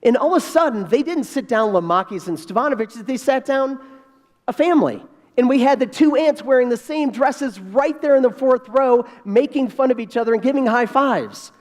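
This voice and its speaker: High-voiced man telling a story in a hall. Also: normal speed. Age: about 50. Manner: animated, repeats key phrases for emphasis. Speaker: keynote speaker. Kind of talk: storytelling keynote speech. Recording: reverberant hall.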